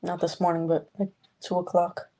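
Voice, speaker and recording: Mellow low-voiced woman chatting casually. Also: flat delivery, moderate pace, rough recording. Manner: profane, loose and rambling. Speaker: livestream host. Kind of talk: casual chat with live chat viewers. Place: home room with a noisy fish tank.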